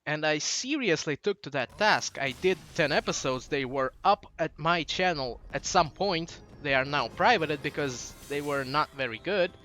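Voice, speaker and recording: A man's voice: a little high, expressive, normal speed, hardly any pauses, bright, forceful tone. A young man in his late teens with a Russian accent, rambling through a casual monologue that drifts off track. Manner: digressive, loses his train of thought. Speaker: channel host.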